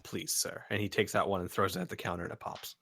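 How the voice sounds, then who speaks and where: A man's voice: low-pitched, level tone, racing, fairly bright tone, no echo. A man narrating as game master in a casual, chatty way, with fillers and laughter.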